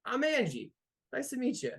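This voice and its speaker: A man voicing a loud, friendly woman who swears freely and teases as she talks in a tabletop game. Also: very high-pitched, huge pitch swings, normal speed, slightly rough, pitched above the performer's own voice, heavily acted. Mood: cheery. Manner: swears freely, teasing and boisterous. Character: loud brash woman, big-armed, friendly.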